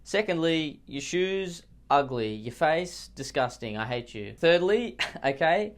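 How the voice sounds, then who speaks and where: A man's voice: on the high side, very animated, a little slow, pitched above the performer's own voice. A man doing a pompous, insulting politician. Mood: dismissive. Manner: boastful, rambling, trades in childish insults. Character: pompous insulting male politician at a press conference.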